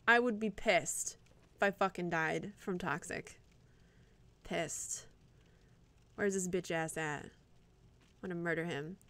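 A woman streaming live gameplay, swearing and reacting out loud to the game and chatting with viewers. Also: lowish voice, takes it slowly, long pauses. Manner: profane, reactive, talks to the game and chat.

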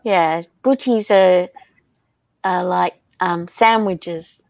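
A woman hosting a casual craft livestream, reading viewer comments aloud in an unhurried, chatty way and laughing often. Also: fairly low pitch, a little mellow, no echo.

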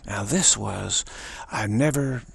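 A man gives an earnest spiritual talk as a teacher. His voice is gravelly and a little husky, and it sounds dry and close. He speaks haltingly and often repeats his words. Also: on the low side, no room sound.

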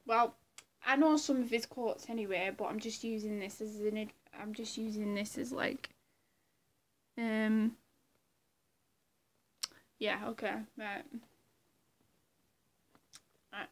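A woman's voice: medium pitch, steady tone, a little slow, long pauses. A woman video creator in casual chat, rambling and self-deprecating. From British.

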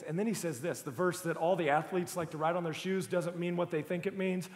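A man, a lead pastor, preaching a sermon and telling a funny personal story, animated with bursts of shouting. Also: a little high, a little fast. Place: church auditorium. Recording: long reverb of a large church hall.

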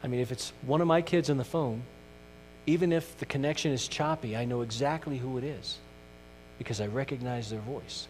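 A middle-aged male pastor preaching a sermon, earnest, moving from loud emphasis to hushed questions. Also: mid-range voice, fairly quick. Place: church sanctuary. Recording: distant mic in a reverberant church with mains hum.

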